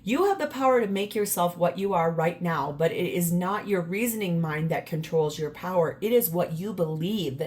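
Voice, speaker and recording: A woman's voice: lowish voice, moderate pace, few pauses, darkish tone. A woman giving a casual tarot reading to camera, emphatic and exasperated, often repeating words for stress. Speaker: tarot reader.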